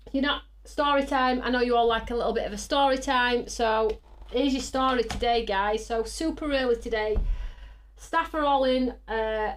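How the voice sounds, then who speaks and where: A woman hosting a live crafting stream, chatty and bubbly, talking straight to her viewers while catching her breath. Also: on the high side. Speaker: host of a live crafting show. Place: craft studio.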